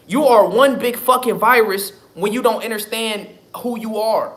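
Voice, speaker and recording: A man's voice: extremely high pitch, moderate pace, hardly any pauses, a bit bright. A man, talking casually and emphatically on a live stream, profane and repetitive. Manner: emphatic, profane, repeats himself. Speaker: livestream host. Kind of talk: casual livestream talk.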